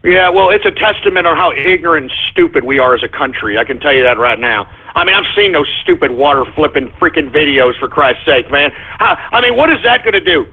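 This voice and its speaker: A man's voice: a little high, animated, fairly quick, hardly any pauses, slightly rough. A man hosting a call-in radio show, ranting and swearing in an exasperated tone. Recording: tinny phone-like line.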